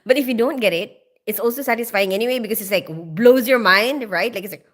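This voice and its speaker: A woman with a medium-pitched voice talks fairly quickly while hosting a casual live stream. She greets viewers by name and chats through their questions, giggling and laughing often.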